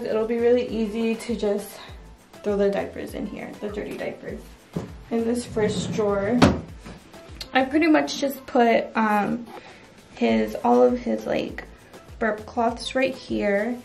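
Echoey and recorded from a distant mic in low quality, this young woman's voice is fairly high yet gravelly and dark in tone. She shows off her baby's nursery in a chatty, rambling home tour, peppered with "like" and "um."

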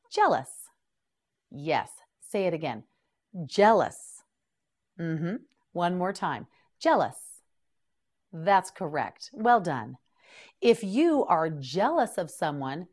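A woman teaching English vocabulary to beginners in a scripted drill, slowly repeating each word and prompting the listener to say it back. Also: lowish voice, darkish tone.

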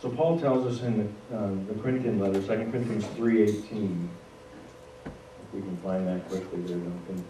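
A man's voice: on the low side, steady tone, moderate pace, warm tone. A man preaching a sermon as pastor, talking in a conversational way with asides to the congregation. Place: church sanctuary. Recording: echoey room, voice from a distance, faint noise.

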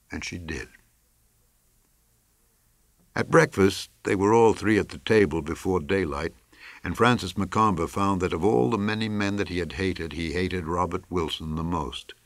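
Deep-voiced man narrating a literary story. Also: no echo. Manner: measured, even storytelling. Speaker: audiobook narrator.

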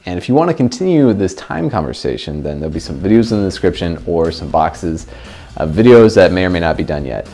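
A young man talks through casual self-help advice in a vlog, joking and teasing himself as he goes. His voice sits low but swings widely in pitch. Faint music plays under him. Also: very animated, a little fast, mellow. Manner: playful, jokey, self-mocking. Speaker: vlogger.

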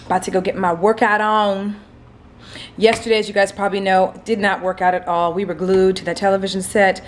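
A woman's voice: mid-range voice, little pitch movement, a little fast, a little hiss or hum. A woman vlogger chatting casually at home in her morning voice, slangy and upbeat. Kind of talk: casual vlog chat.

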